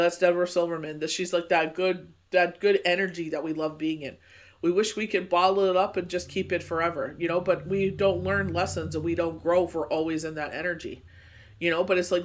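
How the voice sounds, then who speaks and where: A man with a notably high voice talks through a daily tarot reading. He rambles in a loose, chatty way, circling back with friendly filler phrases as he goes. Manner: rambling, chatty, heavy on "you know" fillers. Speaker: tarot reader.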